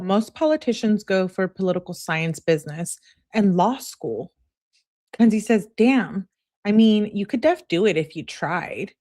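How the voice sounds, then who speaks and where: A woman reads text messages aloud at an unhurried, drawn-out pace. She adds sassy asides between the messages, laughs and talks back to what she reads. Her voice sits at an everyday middle pitch. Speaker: host reading text messages. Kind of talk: casual commentary reading texts aloud.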